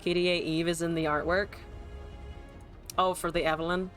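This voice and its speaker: Her voice sits on the low side at a moderate pace as this young adult streamer commentates her card game live. Animated throughout, she swears, laughs and reads chat aloud to respond, with faint music underneath.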